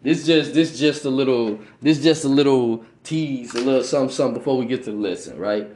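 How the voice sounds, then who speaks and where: A man's voice: mid-range voice, brisk, a little mellow, echoey room, a little hiss or hum. A man preaching informally on a podcast, with slangy talk, often asking "right?" and stumbling while reading aloud. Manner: slangy street speech. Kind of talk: informal religious teaching.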